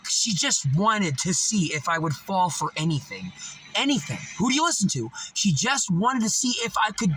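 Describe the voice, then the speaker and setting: A man telling stories in casual talk, animated and swearing freely. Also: sits high, a little fast, a little hiss or hum. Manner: animated, swearing, laughing at his own stories. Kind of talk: casual storytelling monologue.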